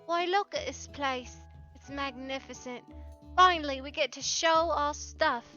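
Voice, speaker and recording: A woman's voice: high-pitched, a little slow, sharp tone. A woman voicing a sweet, prim young woman who speaks politely and gushes. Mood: awed. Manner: polite, gushing. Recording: dull lo-fi with background music.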